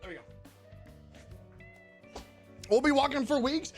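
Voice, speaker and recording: A man's voice: very high voice, expressive, a little slow, pauses often, soft background music. A young man live-streaming in casual chat, crudely joking and riffing on messages from his viewers.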